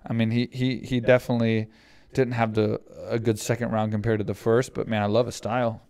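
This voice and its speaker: A man co-hosting a sports podcast, talking in an animated, casual way, swearing and calling his friend dude. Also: fairly low pitch, brisk, smooth. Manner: animated, swearing, repeats phrases, calls people dude. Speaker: podcast co-host.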